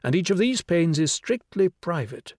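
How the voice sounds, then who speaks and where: A patient young teacher , as read by a man, talks a class through an idea, with brisk explanations and a light, raised voice. Each point lands with a questioning lift. The voice is dry and close. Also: high voice, sing-song, dry recording, pitched above the performer's own voice. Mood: lecturing. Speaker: schoolteacher. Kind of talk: audiobook character reading.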